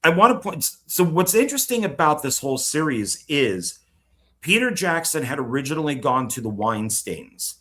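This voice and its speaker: A man co-hosting a casual film discussion, talking in an animated way, swearing freely and laughing often. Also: a little high, moderate pace, a little hiss or hum. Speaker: film podcast co-host.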